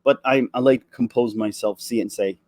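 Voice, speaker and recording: A man's voice: medium pitch, steady tone, a little mellow, no room sound. Guy, 40s, impassioned vlog rant, stop-start delivery, dry close recording. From Canada. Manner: earnest, emotional, halting with many restarts. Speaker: vlogger.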